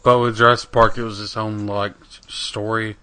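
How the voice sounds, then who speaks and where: A man's voice: on the low side, level tone, normal speed, bright, forceful tone, clean tone. A man casually chatting on a gaming podcast, rambling with lots of fillers and swearing. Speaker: podcast co-host.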